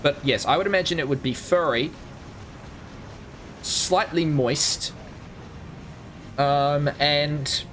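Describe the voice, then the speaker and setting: A man's voice: on the high side, normal speed, hardly any pauses, a bit bright, slight background noise. A man streaming a video game, rambling through crude jokes in casual commentary.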